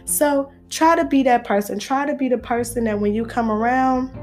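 A woman's voice: a little high, normal speed, faint music behind. A woman vlogger, talking casually to her viewers, playful and preachy. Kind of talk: casual chat to camera.

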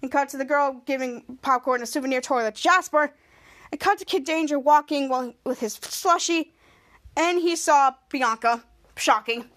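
A woman's voice: high voice, normal speed, a bit bright. A woman hosting a podcast, casually recapping a TV episode in a rambling, self-correcting way with frequent giggles. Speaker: podcast host.

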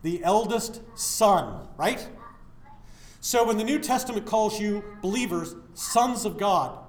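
A man's voice: high voice, unhurried, roomy sound, soft background music. A man preaching a sermon, putting questions to his listeners and answering them himself.

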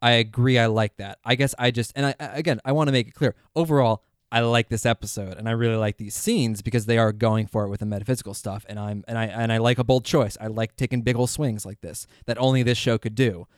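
Male podcast co-host, mid-pitch, dry close sound, animated and chatty. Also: fast talker, few pauses, clean tone, no echo. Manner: animated, acts out scenes with quoted voices. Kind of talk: casual chat.

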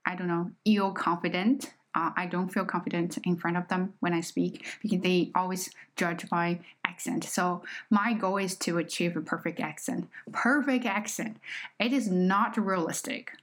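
A woman's voice: on the low side, steady tone, moderate pace, hardly any pauses. A woman with a Chinese accent, a native Chinese speaker and English teacher, talking earnestly and reflectively to her listeners in a casual solo podcast. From China.

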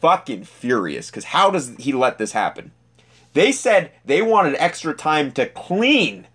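A young man telling a personal story in a casual, profane, animated way. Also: fairly high pitch, measured pace. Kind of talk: personal anecdote monologue.

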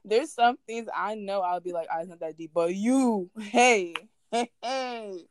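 A woman's voice: medium pitch, measured pace, dry recording. A young woman co-hosting a casual podcast, playful and teasing, laughing often as she talks. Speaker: podcast co-host. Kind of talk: casual chat.

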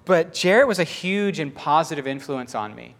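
A man's voice: a little high, animated, normal speed. A man preaching a sermon in a conversational, emphatic way.

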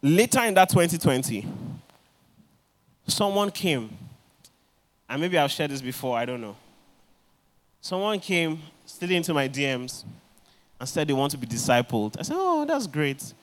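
A man preaching in a fairly high voice. He tells his stories with animation and slips into the voices of the people he quotes. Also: animated, moderate pace, pauses often. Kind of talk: sermon.

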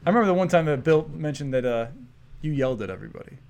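A man's voice: fairly high pitch, lively intonation, rapid-fire, vocal fry, noisy background. A man from Chicago hosting an interview, enthusiastic and laughing often as he chats. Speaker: host. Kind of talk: casual interview chat.

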